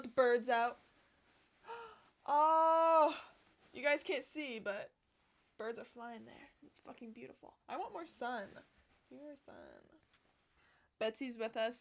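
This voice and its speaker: Young woman, vlogger, casual chat, high voice, sassy, outdoors. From Canada. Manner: excitable, swears a lot, sassy. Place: outdoors on a sunny day.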